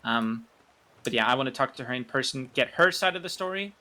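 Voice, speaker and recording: A man's voice: medium pitch, animated, brisk, sharp tone. A man talking in character during a role-play game, hesitant and full of fillers and restarts.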